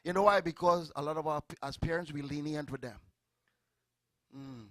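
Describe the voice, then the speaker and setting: A middle-aged man with a Trinidadian accent preaching a sermon, animated and storytelling, calling out to his congregation. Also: fairly high pitch, normal speed, gravelly, no room sound. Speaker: pastor.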